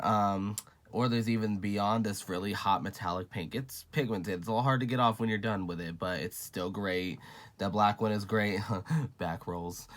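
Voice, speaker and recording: A man hosting a casual makeup review vlog, sassy and gushing, calling viewers honey and girl and swearing freely. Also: on the low side. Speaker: beauty vlogger.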